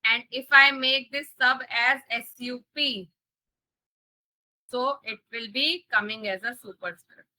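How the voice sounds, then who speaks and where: A woman's voice: on the high side, fairly even intonation, a little slow, pushed and bright, poor audio. A woman with an Indian English accent teaching a live coding lesson, repeating key points and checking that students understand. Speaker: coding instructor.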